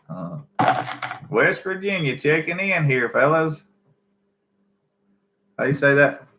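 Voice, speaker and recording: A man's voice: fairly high pitch, big pitch swings, extremely slow, pauses often, noisy background. A man with a Southern accent co-hosting a live stream, reading out chat comments in a folksy, easygoing way. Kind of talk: casual chat.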